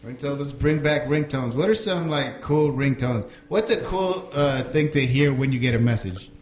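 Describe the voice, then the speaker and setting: A man co-hosts a comedy podcast with a mid-range voice. He throws out fast, profane banter and quick reactions. His voice carries a roomy echo. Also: mid-range voice, a little mellow. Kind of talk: casual chat.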